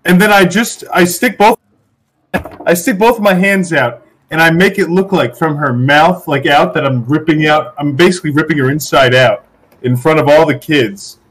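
A man playing in a tabletop game, animated and swearing as he speaks in character. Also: fairly high pitch, normal speed. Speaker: player. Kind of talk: casual tabletop game play.

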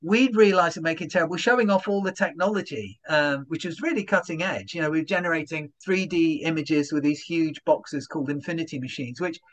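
A man, a comedian guest in an interview, telling stories in an animated way and acting out little voiced asides. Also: a little high, a little fast, hardly any pauses. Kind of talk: conversational interview.

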